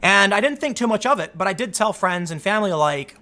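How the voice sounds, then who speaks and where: A man with a high, bright voice tells a personal story in a loose, chatty monologue. He stays animated throughout and acts out the people in it as he goes. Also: a little fast. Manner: animated retelling, acts out the dialogue. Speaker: vlog host.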